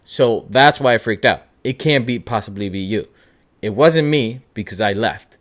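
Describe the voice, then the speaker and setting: A young man hosting a casual chat show, excitable, swearing often and trailing off mid-thought. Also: on the low side, moderate pace. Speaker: podcast host.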